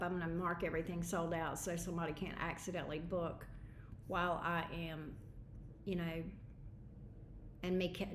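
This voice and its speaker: A woman's voice: on the low side, reverberant, slight background noise. A woman giving a livestream tarot reading in a frank, chatty way with casual slang. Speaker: tarot reader.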